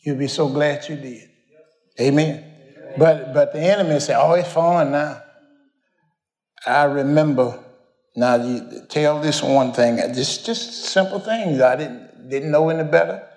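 A man's voice: on the high side, unhurried, darkish tone, roomy sound. An older man, preaching a folksy storytelling sermon, rambling and homespun as he addresses the congregation.

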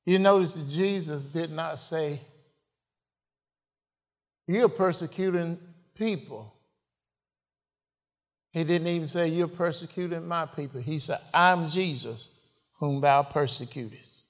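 A man preaching a sermon, unhurried, asking rhetorical questions and rising to sudden emphatic lines. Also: fairly high pitch. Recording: long reverb of a large hall.

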